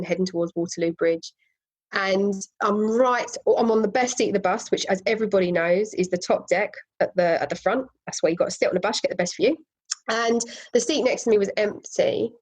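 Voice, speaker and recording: A woman, a property investor as podcast guest, telling a story in a casual, animated way and laughing often. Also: medium pitch, normal speed, rough recording.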